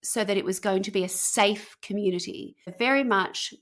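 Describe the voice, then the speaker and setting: A woman's voice: mid-range voice, moderate pace, a bit bright. Chatty woman telling a story. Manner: chatty, rambling, many fillers. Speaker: podcast storyteller. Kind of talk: conversational storytelling.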